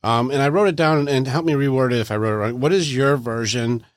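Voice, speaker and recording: A male podcast host chatting in a loose, animated way. He keeps acting out small everyday exchanges in playful voices. He sits close to the mic, so the sound is dry. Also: medium pitch, quick pace, no room sound. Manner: animated, acts out little quoted exchanges in lively voices. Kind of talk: casual conversational interview.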